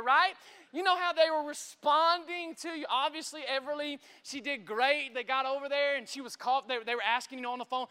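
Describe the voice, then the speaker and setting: High, bright-voiced preaching man. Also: moderate pace. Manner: animated, peppers lines with "right?", stammers and repeats words. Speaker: pastor. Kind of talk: energetic sermon. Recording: echoey large hall.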